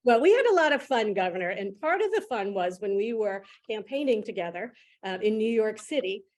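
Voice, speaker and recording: A woman co-hosting an interview, enthusiastic and quick to laugh. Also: mid-range voice, animated, darkish tone. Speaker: co-host. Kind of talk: casual interview chat.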